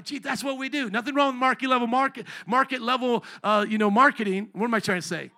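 A male pastor preaching a sermon in an animated, joking way, calling out to the congregation. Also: extremely high pitch, fast, few pauses.

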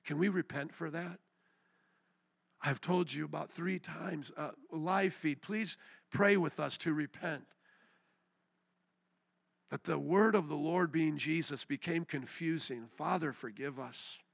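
High, gravelly man preaching a sermon. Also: takes it slowly, long pauses, no echo. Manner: shouts questions at the crowd, then drops to quiet prayer. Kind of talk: fiery chapel sermon. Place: chapel.

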